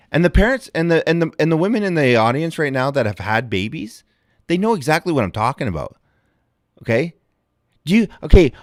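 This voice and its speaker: A middle-aged man chatting on a livestream, swearing freely in a blunt, ranting way. His voice sits at an ordinary pitch and is recorded dry, with no room sound. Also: no room sound. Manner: blunt, profane ranting with frequent laughter. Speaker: livestream host. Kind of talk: casual livestream chat.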